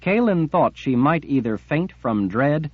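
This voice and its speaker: A man reading an audiobook in a steady, measured way. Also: on the high side, no room sound, narrow, tinny audio. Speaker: audiobook narrator. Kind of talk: audiobook narration.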